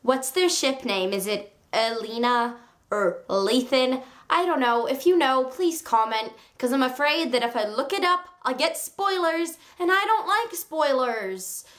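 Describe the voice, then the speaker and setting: A woman reviewing a book on her video channel, chatting in a gushing, excitable way with sarcastic asides. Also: sits high, measured pace. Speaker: book vlogger.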